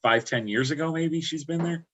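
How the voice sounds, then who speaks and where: A man's voice: a little high, normal speed, a bit bright. A man from upstate New York chatting casually on a livestream, rambling and restarting his words often. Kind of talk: casual chat.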